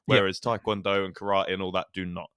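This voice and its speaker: Lowish, bright-voiced man chatting. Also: level tone, fast talker, clean tone, dry recording, studio quality. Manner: laid-back, jokey, says "mate". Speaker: podcast co-host. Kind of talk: casual chat.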